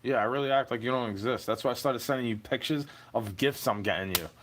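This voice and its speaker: A man's voice: mid-range voice, quick pace, background noise. A young man in an aggrieved, profane rant to camera, talking straight at someone who wronged him. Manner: aggrieved, profane, repeatedly says "bro". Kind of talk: ranting monologue to camera.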